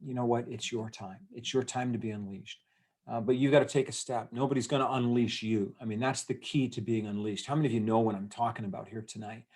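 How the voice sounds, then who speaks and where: A man in the middle of a motivational speech over a video call, rallying his listeners and throwing questions at them. His voice sits at an ordinary pitch. He talks with plenty of fillers and restarts. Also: fast. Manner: energetic, rallying, asks the audience questions, many fillers. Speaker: event host. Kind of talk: motivational talk to an online audience.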